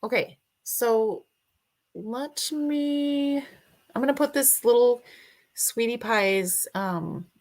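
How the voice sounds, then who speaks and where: A woman's voice: fairly high pitch, very slow, a little mellow. A woman hosting a casual livestream, chatting and greeting viewers by name, sometimes singing a snippet. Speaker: livestream host.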